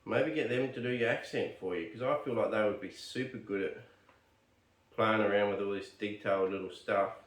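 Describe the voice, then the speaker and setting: Aussie guy chattering away while he potters with plants, lowish voice, kinda far off the mic. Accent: Australian. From Australia. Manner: rambling, chatty, self-deprecating, muttering to himself. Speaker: bonsai vlogger. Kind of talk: casual narration while working. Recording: roomy sound, mic at a distance.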